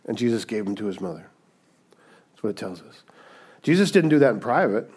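A man's voice: fairly low pitch, very animated, fairly quick, darkish tone, slightly rough. A male pastor preaching a sermon in a conversational way, often checking in with "right?" as he retells Bible stories.

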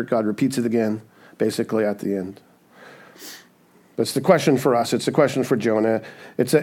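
A man's voice: mid-range voice, a little mellow. A man preaching a sermon in a conversational way, often asking "right?" and acting out the voices he quotes. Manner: acts out quoted voices in asides. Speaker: pastor.

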